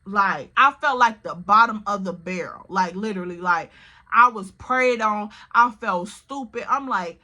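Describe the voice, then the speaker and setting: This storytime vlogger shares a personal story with her viewers, candid, emotional and casual, often calling the listener "girl." Her voice sits a little high and sounds pushed and bright, at a measured pace, and she keeps repeating "like" and "literally."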